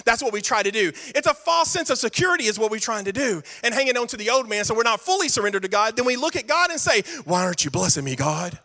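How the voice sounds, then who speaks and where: A man's voice: very high voice, animated, quick pace, few pauses, sharp tone. A man pastor preaching a sermon with emphatic repetition and playful asides.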